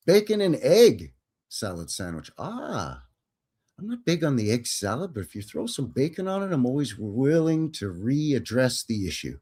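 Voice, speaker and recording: A man hosting a live stream, chatting with viewers in a rambling, folksy way with frequent chuckles. His pitch is mid and moves freely up and down as he talks. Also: sing-song, normal speed, a little mellow, slightly rough. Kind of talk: casual live stream chat answering viewers.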